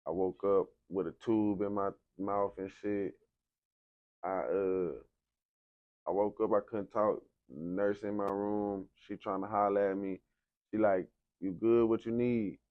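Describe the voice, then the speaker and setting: A man's voice: fairly low pitch, flat delivery, measured pace, dry recording, highs cut off. A young man from San Antonio, Texas, telling his life story in a casual interview, heavy on slang and "you know what I'm saying". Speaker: interview guest, rapper.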